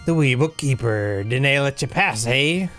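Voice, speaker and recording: A folksy, chummy male squirrel bard with a put-on brogue and a lively, swooping delivery, voiced by a man. He wheedles and calls everyone lad, low music underneath. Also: normal speed, close to an everyday voice. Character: gruff Scottish-sounding male squirrel bard.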